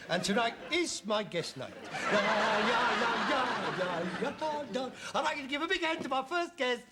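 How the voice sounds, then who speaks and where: A man's voice: very high voice, expressive, moderate pace, heavy background noise. A man mockingly putting on the voice of a pompous male variety-show compère. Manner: pompous, grandiose.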